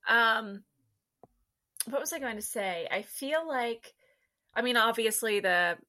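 A woman's voice: fairly high pitch, lively intonation, slow pace, pushed and bright. A woman co-hosting a podcast in casual chat, laughing often and hunting for words with many fillers. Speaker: podcast co-host.

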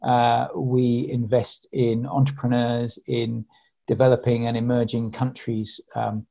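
A middle-aged man with a husky, gravelly voice talks in a genial, self-deprecating way on a video call. His tone is dark and mellow, and fillers break up his sentences. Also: medium pitch, level tone, measured pace, poor audio. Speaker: investor panelist.

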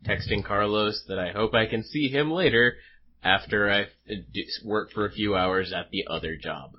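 A man casually describing his character's actions as a player, easygoing and a little halting. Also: fairly low pitch. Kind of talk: casual tabletop play. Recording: dull lo-fi audio with faint noise.

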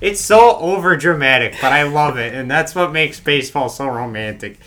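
A young man hosting a casual podcast chat who talks in an animated way and often breaks into loud umpire impressions. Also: medium pitch, normal speed. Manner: animated, loudly mimics umpires. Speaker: podcast host.

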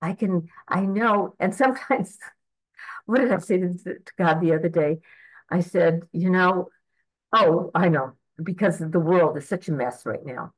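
Speaking unhurriedly in a lowish voice, an earnest woman in her eighties offers a spoken prayer to God and reflects on it spiritually. The recording is low-quality.

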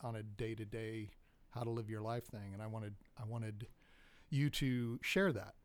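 A man's voice: fairly low pitch, steady tone, normal speed. A man co-hosting a podcast in casual chat, joking and rambling, laughing often. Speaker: podcast co-host.

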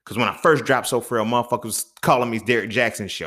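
A young man hosting a solo podcast, ranting with heavy profanity and swinging between loud outbursts and low mutters. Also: quick pace. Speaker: podcast host.

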